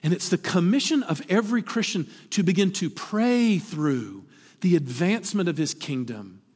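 A man preaching a sermon, climbing to emphatic peaks and then dropping low. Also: lively intonation, moderate pace, a little mellow, husky. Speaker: pastor. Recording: long hall reverb.

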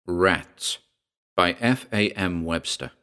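A man with a lowish voice narrates a short story as an audiobook. He reads in a steady, measured way. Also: clean tone.

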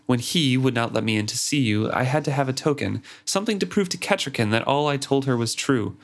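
A man's voice: mid-range voice, expressive, brisk, close to an everyday voice. A man reading aloud as an earnest young woman who speaks bluntly. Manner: blunt, matter-of-fact.

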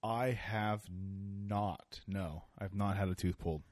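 A man's voice: sits low, steady tone, slow pace, darkish tone, dry recording, studio quality. A man hosting a podcast, reacting with blunt, wisecracking remarks in casual chat. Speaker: podcast host.

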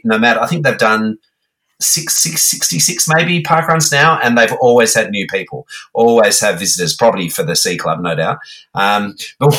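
An Australian man in casual podcast chat, pitched a little low with a bright, forward tone. He talks in a halting way, stopping and restarting often with plenty of ums. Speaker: guest co-host.

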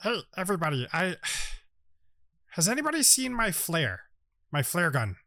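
A man's voice: sits high, big pitch swings, measured pace, sharp tone, no echo, clean studio sound, voice pushed up, full character voice. A man playing a fretful little jungle gnome. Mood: flustered.

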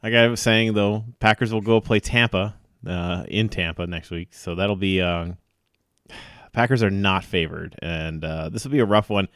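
A man co-hosting a casual sports podcast, giving blunt, quick, opinionated football analysis. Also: low voice, fairly bright tone, clear, resonant tone, no echo, studio quality. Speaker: podcast co-host.

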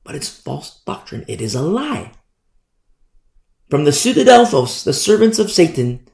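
A man's voice: a little high, big pitch swings, unhurried, creaky, a little mellow. A man preaching a sermon, emphatic and fond of repeating phrases for effect. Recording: echoey room.

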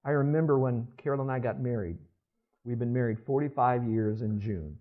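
A man in his sixties preaching a sermon to a congregation, emphatic, with sudden loud bursts and asides to the listeners. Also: mid-range voice, brisk, phone-quality sound. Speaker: pastor.

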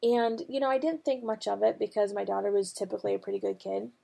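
A middle-aged woman speaks as host of a devotional podcast, with a gravelly rasp running through her voice. She moves from scripture into a personal story in an earnest, conversational way, with plenty of everyday fillers. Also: mid-range voice, steady tone, fast, warm tone.

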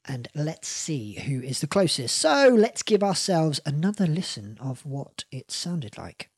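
A man's voice: breathy edge, no echo. A man hosting a playful party game, laughing often as he runs each round. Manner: slow, lively pitch, laughs often. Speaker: game host. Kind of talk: playful game-show chat.

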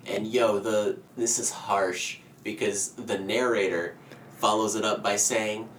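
A man's voice: fairly low pitch, fairly even intonation, a little slow, a bit bright. A man co-hosting a casual podcast, recapping a movie with swearing, laughter and mock character voices. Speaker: podcast co-host. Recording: roomy echo, distant mic, faint background noise.

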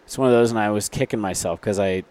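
Casting: easygoing low-voiced man, chatty guest, rambling anecdotes full of fillers. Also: fast, darkish tone. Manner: rambling, self-correcting, many fillers. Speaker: guest, reclaimed wood business owner. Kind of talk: casual interview storytelling.

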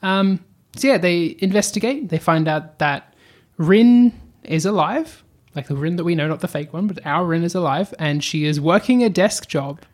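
A woman co-hosting an anime podcast, retelling the plot in a chatty, animated way full of fillers. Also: on the low side, moderate pace. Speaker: podcast co-host. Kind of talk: casual anime podcast chat.

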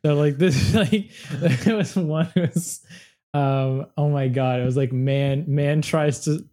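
Guy chatting casually, kinda high voice but mellow, keeps going "right, right". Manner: chatty, quick agreeing interjections. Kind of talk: casual chat.

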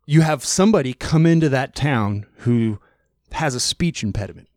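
Rambling animated man in a dry studio. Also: medium pitch, normal speed, dry recording. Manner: rambling, animated storyteller doing mock accents. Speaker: podcast co-host. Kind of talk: casual chat. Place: podcast studio.

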